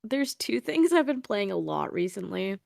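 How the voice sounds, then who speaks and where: A woman's voice: mid-range voice, very animated, normal speed, gravelly, darkish tone, no echo, studio quality. A woman co-hosting a casual gaming podcast, talking bluntly and swearing a lot. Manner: blunt, sweary, laughs often. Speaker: podcast co-host.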